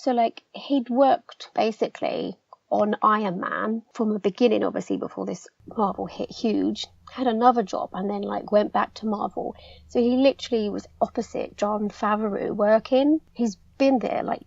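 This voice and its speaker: A young English woman chatting excitedly as a podcast guest, peppering her story with "like". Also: fairly high pitch, gravelly, no echo, muffled recording. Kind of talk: casual chat.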